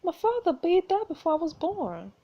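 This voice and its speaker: A woman's voice: a little high, sing-song, a little fast, lo-fi sound. A woman reading an earnest young heroine.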